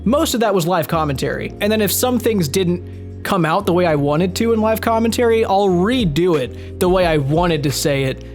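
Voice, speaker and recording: A man who makes gaming videos, answering viewer questions in a relaxed, casual chat and swearing freely. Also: high voice, moderate pace, faint music behind.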